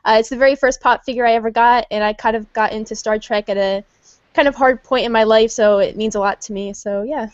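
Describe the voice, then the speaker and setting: A woman's voice: a little high, fairly even intonation, fairly quick, no echo, dull audio. A woman, a YouTuber, introducing herself in a casual group chat, earnest and a bit nervous. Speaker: YouTuber guest.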